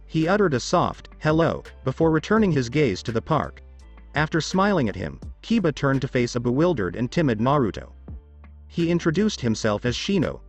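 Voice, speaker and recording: A man's voice: medium pitch, very animated, moderate pace, soft background music. A man reading a story as scripted narration, with small shifts of voice for quoted children.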